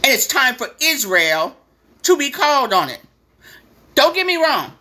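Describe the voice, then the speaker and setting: A woman's voice: high voice, very animated, a little slow, pushed and bright. A woman hosting a live stream, delivering a blunt, profane and sarcastic impassioned rant.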